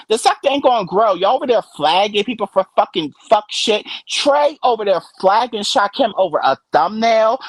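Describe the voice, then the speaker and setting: A woman streamer giving gossip commentary, ranting and cursing heavily and laughing loudly at her own stories. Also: medium pitch, no echo. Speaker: live streamer.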